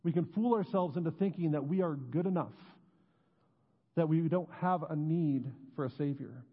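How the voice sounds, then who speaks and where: Earnest male pastor in echoing church. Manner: earnest, drops low and slow on key words. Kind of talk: sermon. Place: church sanctuary. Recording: muffled sound with long church reverb.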